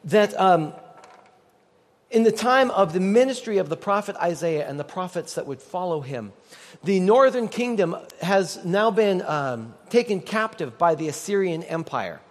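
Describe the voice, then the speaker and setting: A man's voice: high-pitched, lively intonation, measured pace. A man preaching a sermon as pastor, conversational and joking with the congregation. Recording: long reverb of a large hall.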